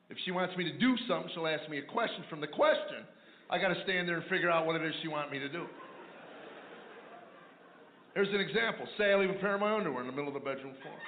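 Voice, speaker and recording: A man doing a stand-up comedy routine, telling stories about marriage in a dry, deadpan way, with mumbling asides in other voices. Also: high voice, a little hiss or hum. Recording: echoey, tinny lo-fi radio replay of a live set.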